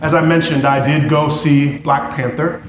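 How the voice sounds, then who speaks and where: A man preaching, telling a story with lively swings from loud exclamations to quiet prayer. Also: on the high side, moderate pace, a little hiss or hum. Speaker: pastor. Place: church sanctuary. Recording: echoey church hall with music behind.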